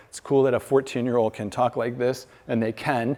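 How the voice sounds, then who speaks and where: A man's voice: mid-range voice, level tone, normal speed, hardly any pauses, darkish tone. A man giving a faith-based talk to a live audience, telling stories conversationally and acting out quoted dialogue. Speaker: speaker. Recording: long reverb from a large hall.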